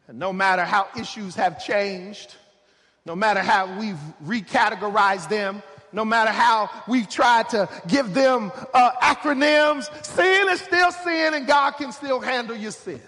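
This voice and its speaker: A man preaching a sermon, building to shouted emphasis with repeated refrains. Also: high-pitched, unhurried. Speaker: pastor. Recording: long hall reverb.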